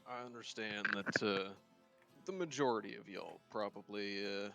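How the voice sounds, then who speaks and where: A man's voice: lowish voice, moderate pace, vocal fry, bright, forceful tone, faint music behind. A man voicing a weary, grizzled father character who drawls and hesitates, in an online tabletop game. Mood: earnest. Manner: drawling, hesitant, full of "well" and "uh". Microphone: voice chat microphone.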